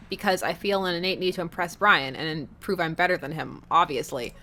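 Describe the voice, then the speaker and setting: A woman's voice: on the low side, normal speed, bright, forceful tone, slight background noise. A woman streaming a dating game, reading the story aloud with playful, giggly asides. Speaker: let's-play streamer.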